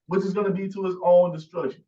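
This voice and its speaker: A man preaching hard, pressing each point and driving it home, his voice set a little high. He sounds far from the mic in an echoing room, and the recording is dull. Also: flat delivery, fast talker. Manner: forceful, repeats "man" and "you see". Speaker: teacher. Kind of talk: emphatic preaching commentary. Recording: echoey, distant, dull sound.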